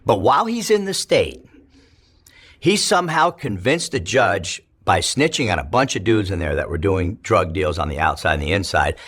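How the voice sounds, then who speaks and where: A man's voice: fairly low pitch, fairly bright tone, breathy edge. A man from California telling his life story in an interview, in a casual, profane, rambling way with many restarts.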